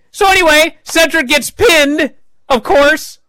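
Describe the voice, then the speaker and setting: Man, wrestling show host, casual recap, lively pitch, bright tone, dry close mic. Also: moderate pace, dry recording. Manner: animated, mocking, jumps to shouting.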